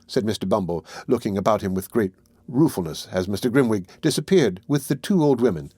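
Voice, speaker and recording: A man narrating a classic novel as an audiobook, reading in an even, unhurried way into a close mic. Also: on the low side, breathy edge, no room sound. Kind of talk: scripted narration.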